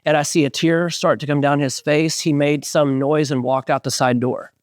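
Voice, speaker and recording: Middle-aged man telling a lively story. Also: a little high, normal speed, no room sound, clean studio sound. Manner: animated storyteller, many fillers, acts out quotes. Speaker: interviewed musician. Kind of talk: casual storytelling interview.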